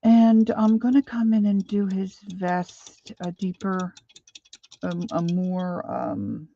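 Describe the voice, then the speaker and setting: A woman's voice: medium pitch, slow pace, creaky, warm tone, highs cut off, slight background noise. An older woman chatting casually while she paints live, rambling and reading viewer comments aloud. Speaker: painting instructor. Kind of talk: live painting stream chat.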